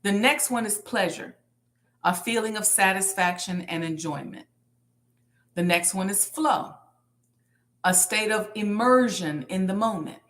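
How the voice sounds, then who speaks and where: A woman's voice: mid-range voice, unhurried, pauses often, fairly bright tone. A woman speaking leads a live online lesson on manifestation. She talks in a preacherly way and repeats her main lines for emphasis. Her voice is heard close to the mic. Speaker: manifestation teacher. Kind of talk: lecture to an online live audience.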